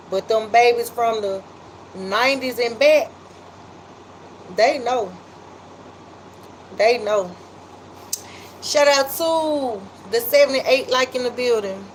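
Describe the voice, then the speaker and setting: A woman with a Memphis accent, hosting a casual livestream and reading viewer comments aloud in a chatty, drawn-out way. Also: fairly high pitch, slight background noise, poor audio. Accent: Memphis, Southern US. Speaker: livestream host.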